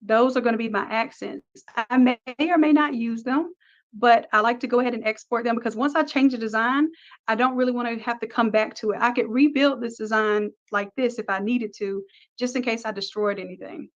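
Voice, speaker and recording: A woman leads a screen-recorded design lesson, talking through every click in an upbeat, practical way. Her voice sits a little high. The recording sounds dull and lo-fi. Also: steady tone, a little fast. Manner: upbeat, talks through each click step by step. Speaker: design instructor. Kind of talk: screen-recorded software tutorial.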